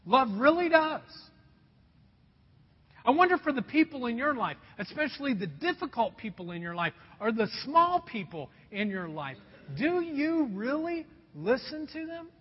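A man's voice: very high-pitched, big pitch swings, normal speed, slightly rough. A man preaching a sermon, telling a personal story in an earnest way and calling his listeners folks. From Indiana, USA. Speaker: pastor. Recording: dull sound with long hall reverb.

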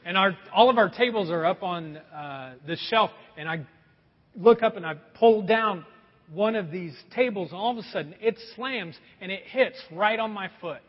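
A man's voice: high voice, moderate pace, husky, big-room sound, highs cut off. A middle-aged man preaching a sermon in a church, telling folksy stories and calling his congregation folks. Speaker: pastor. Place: church sanctuary.

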